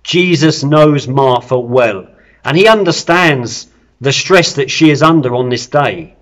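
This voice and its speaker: A man's voice: medium pitch, a little slow. A man, a church deacon, preaching a sermon, retelling a Bible story earnestly with self-deprecating asides.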